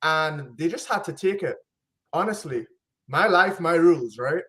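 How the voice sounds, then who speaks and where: A man's voice: a little high, expressive, a little slow, a bit bright. A man as a podcast guest, talking in an upbeat, casual way full of catchphrases and slang. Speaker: guest, business consultant. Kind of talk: casual interview chat.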